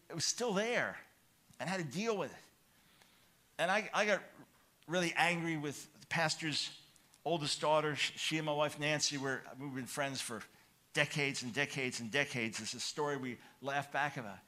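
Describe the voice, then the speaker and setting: A man preaching a sermon, telling a personal story with animated, rising excitement, then calling listeners to change. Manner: animated storytelling, grows loud and high when excited.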